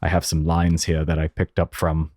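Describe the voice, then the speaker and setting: A man voicing a hesitant male warrior who reads cheesy one-liners from his notes in a halting way. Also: low voice, monotone, darkish tone, no room sound, clean studio sound, voice pushed down, close to an everyday voice. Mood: fumbling. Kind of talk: tabletop role-play.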